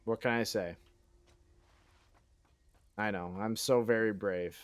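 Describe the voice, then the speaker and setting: A man's voice: fairly low pitch, fairly even intonation, slow pace, smooth, no echo. A man chatting casually while streaming a game, sarcastic and mock-boastful, swearing and thinking aloud. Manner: sarcastic mock-bragging, self-deprecating. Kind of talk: casual live-stream chat while gaming.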